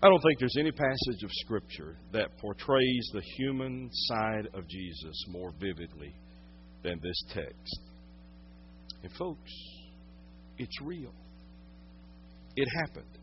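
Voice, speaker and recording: A male pastor preaching a sermon, swinging from hushed, intimate moments to loud, dramatic storytelling. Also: mid-range voice, lively intonation, measured pace, dull audio, a little hiss or hum.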